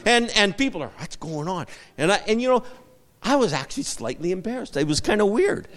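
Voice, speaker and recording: A man's voice: high voice, sing-song, fast, a bit bright, long reverb tail. A male pastor preaching a sermon, repeating short emphatic phrases and asking the congregation for amens.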